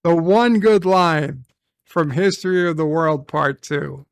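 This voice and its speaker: A man with a high, clear, smooth voice rants through a review, swearing at every turn. He drags his words out slowly, heavy with anger. The recording is dry and close, with no room sound. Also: no echo. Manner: angry, profane, swearing constantly. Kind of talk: ranting review reaction.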